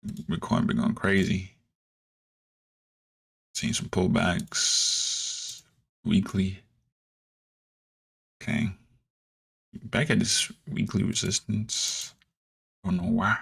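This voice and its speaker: A man's voice: low voice, steady tone, very slow, gravelly, pauses often, fairly bright tone, slightly rough. A man casually talking to himself as he reads trading charts, muttering and dropping playful slang asides. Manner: mutters and talks to himself, hums. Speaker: trader streaming his charts.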